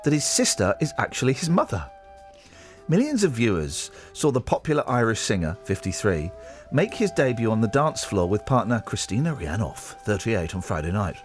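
A man's voice: on the low side, big pitch swings, normal speed, soft background music. A man hosting a morning radio show, joking and rambling as he reads out tabloid stories. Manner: joking, rambling, reads news aloud with asides. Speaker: radio host. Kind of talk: casual radio banter. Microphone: studio microphone.

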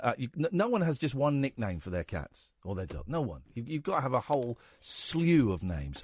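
A man's voice: mid-range voice, wildly swooping pitch, a little fast, hardly any pauses, husky, no echo, studio quality. Jokey male radio host. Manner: jokey, rambling, teasing callers. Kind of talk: late-night radio phone-in banter. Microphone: studio microphone.

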